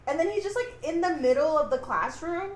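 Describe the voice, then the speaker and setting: A young woman co-hosting a podcast, chatting casually through a TV recap, hesitant and quick to laugh as she reads from her notes. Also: sits high, lively intonation. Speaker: podcast co-host. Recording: roomy echo.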